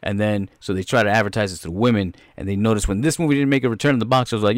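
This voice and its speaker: A man giving a loud, laughing, profane comedic reaction to a movie trailer, full of slang. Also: lowish voice, racing, hardly any pauses, no echo.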